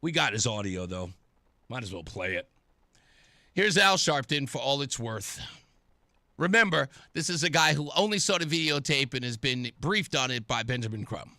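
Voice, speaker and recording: A man's voice: medium pitch, normal speed, dry recording, studio quality. A man hosting a talk radio show, delivering an opinionated, mocking monologue and acting out other people's voices. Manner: animated, mocking, acts out voices.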